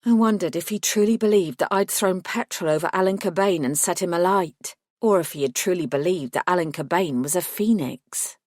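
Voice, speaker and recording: A woman reading a first-person fantasy audiobook in a measured, even storytelling voice. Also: on the low side, no room sound, clean studio sound. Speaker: audiobook narrator.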